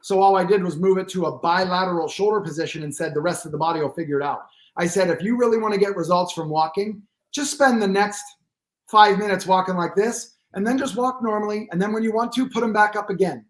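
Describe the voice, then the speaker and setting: A man from Pennsylvania, a guest posture therapist, telling animated, joking anecdotes in a podcast interview and acting out both sides of the conversation. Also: sits high, fast.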